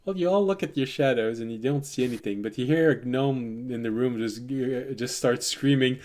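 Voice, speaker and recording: A man narrating a tabletop role-playing game as game master, telling the scene with animated storytelling. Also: mid-range voice, normal speed, few pauses.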